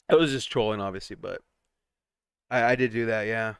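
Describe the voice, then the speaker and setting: Smooth-voiced man hosting a stock livestream. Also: fairly low pitch, steady tone, quick pace, a bit bright, no room sound, clean studio sound. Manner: chatty, reads out viewer comments and trending topics. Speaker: livestream host. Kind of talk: casual stock-market livestream chat.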